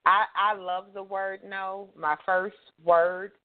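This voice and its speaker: A woman's voice: mid-range voice, flat delivery, takes it slowly. A woman from Louisiana with a Louisiana accent, hosting a casual call-in radio talk show in a chatty, affirming way. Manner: affirming, chatty, lots of mm-hmms. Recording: tinny phone line.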